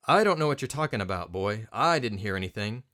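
A man voicing a gruff, weathered middle-aged father who speaks in brusque, terse lines. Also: fairly low pitch, expressive, a little fast, fairly bright tone.

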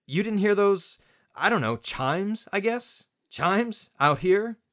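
An eager, anxious young son, with a raised, lively voice that wavers and questions, as an audiobook narrator puts him on. He sounds hesitant and unsure. The storybook reading is animated. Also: sits high, slow pace, voice pushed up, full character voice. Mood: unsettled.

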